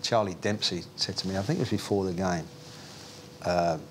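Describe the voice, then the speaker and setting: Man, low voice with a bright edge, jokey anecdote, faint background noise. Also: normal speed. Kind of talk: retrospective interview.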